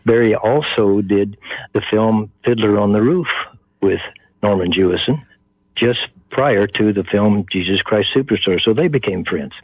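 A man's voice: lowish voice, unhurried, husky, no echo. An older man with a Texan accent, the guest in an interview, telling a story and acting out the voices of the people in it. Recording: muffled phone-line sound.

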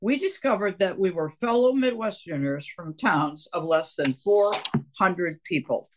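A woman's voice: fairly low pitch, unhurried, noisy background. Older woman reading her memoir aloud. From Minnesota. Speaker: guest author.

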